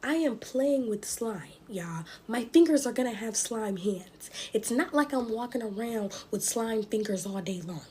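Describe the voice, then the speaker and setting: A young American woman casually tells scary stories at home while playing with slime, calling her viewers y'all. Her fairly high, dark-toned voice has lively intonation, moving a little slowly with hardly any pauses over a little hiss or hum.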